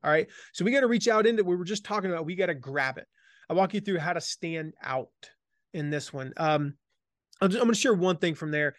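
A man from the American South speaking as an author and guest in a conversational interview, energetic and emphatic, repeating his key phrases. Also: a little high, no room sound, clean studio sound. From Southern United States.

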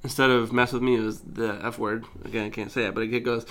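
A young woman co-hosting a casual podcast chat, laughing often and bursting into loud, high voices when she quotes things. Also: flat delivery, fast, noisy background. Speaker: podcast co-host.

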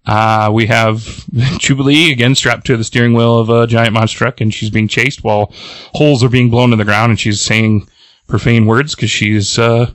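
A man's voice: medium pitch, little pitch movement, normal speed, fairly bright tone, no room sound. A man cohosting a podcast, casually recapping a comic plot, rambling with fillers and chuckles.

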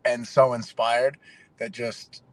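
A young man from Canada, a fighter guest telling stories casually in an interview, relaxed and peppered with "like" and "man". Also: medium pitch, slow. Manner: laid-back, swears casually, says "like" and "man" often.

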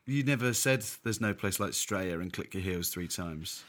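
A man's voice: low-pitched, animated, normal speed, a bit bright. A man in casual podcast chat, teasing and joking with his co-host.

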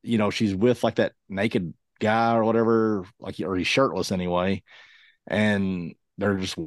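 A man's voice: lowish voice, level tone, a little slow, no echo. Rambling man, casual podcast chat. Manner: rambling, many fillers and restarts. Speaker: podcast co-host.

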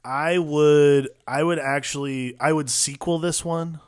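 A man's voice: a little high, fairly even intonation, unhurried. A man co-hosting a casual movie chat, rambling through odd comparisons and swearing as he acts out little quoted lines. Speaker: podcast co-host.

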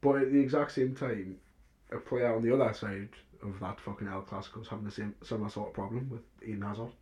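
A young man co-hosting a podcast, blunt and sweary, giving quick reactions in a casual chat. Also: on the low side, fairly even intonation, a little mellow. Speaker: podcast co-host.

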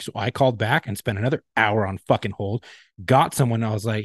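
A man's voice: fairly low pitch, dry recording, studio quality. A man co-hosting a podcast, telling a profane, heated story in casual chat. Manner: fast, profane ranting storyteller. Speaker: podcast co-host.

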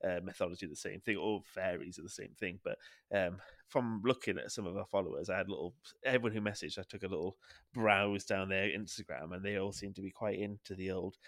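Welsh podcast host, young man, lowish voice, joking banter, dry close sound. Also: fairly even intonation, fast talker, fairly bright tone, no room sound. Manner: playful, jokey, laughs often. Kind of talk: casual podcast chat.

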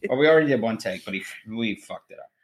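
A man's voice: on the low side, expressive, fast, reverberant, low-quality recording. Man, podcast host, jittery from coffee, swears a lot, mumbles off at the ends. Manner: profane, wired, grumbling, often trails off quietly. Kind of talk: casual banter.

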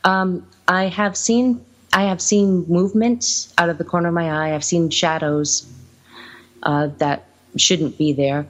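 A woman's voice: on the low side, steady tone, measured pace. A woman who owns the house, casually telling anecdotes in a chatty way. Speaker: house owner and guest. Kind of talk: casual storytelling. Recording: muffled lo-fi audio.

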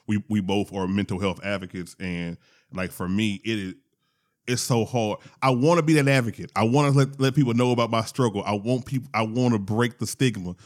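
Male podcast co-host, low pitch, casual and halting. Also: fairly even intonation. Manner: halting, repeats words, frequent brief agreements. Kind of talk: casual chat.

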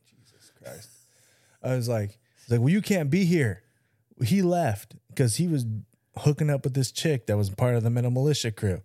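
A man in his thirties, a podcast co-host, telling a story in casual chat, animated and swearing, acting out the voices of the people he quotes. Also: mid-range voice, no echo, studio quality.

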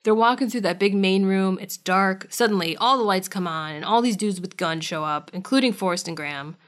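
A woman co-hosting a podcast, recapping episodes in a wry, animated, casual way with some swearing. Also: mid-range voice, brisk. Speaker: podcast co-host.

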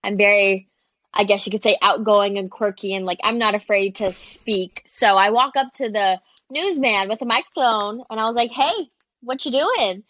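Brief: young woman, animated storyteller, dry close sound, mid pitch. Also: normal speed, no room sound. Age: young adult. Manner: chatty and animated, many "like"s, quoting people. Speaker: guest, social media creator. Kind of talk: casual storytelling in an interview.

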